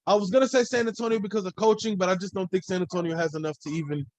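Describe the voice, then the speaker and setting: A man's voice: high-pitched, fairly even intonation, rapid-fire, dry recording, poor audio. A man hosting a solo sports podcast, talking in a loose, rambling way and swearing freely. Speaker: podcast host.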